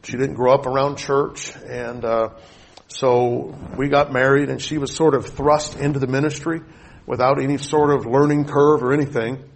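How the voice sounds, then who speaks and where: A middle-aged man preaching a sermon, telling a personal story with rising excitement and reading scripture aloud. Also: medium pitch, moderate pace, gravelly, slight background noise. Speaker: pastor.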